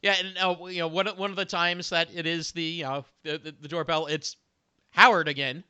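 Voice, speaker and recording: A man with a high, bright, clear voice, co-hosting a podcast in casual chat. He stammers and repeats words as he talks, and laughs a lot. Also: level tone, moderate pace. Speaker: podcast co-host. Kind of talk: casual chat recapping a sitcom episode.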